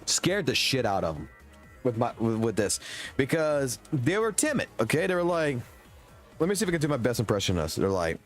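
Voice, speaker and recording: A man's voice: medium pitch, fairly quick, soft background music. A young man from Louisiana with a Southern US accent, ranting and swearing in loose livestream commentary close to his mic. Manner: animated, profane, rambling rant. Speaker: streamer. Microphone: close desk mic.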